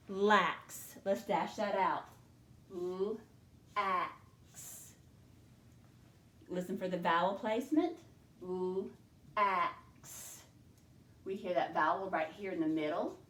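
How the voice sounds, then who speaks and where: A woman teaching a second grade phonics lesson, slowly sounding out syllables in a clear teacher voice. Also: mid-range voice, expressive, echoey room.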